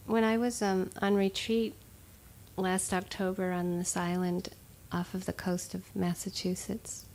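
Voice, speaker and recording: A woman giving a dharma talk as a meditation teacher, speaking conversationally with frequent fillers and soft laughs. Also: medium pitch, flat delivery, measured pace.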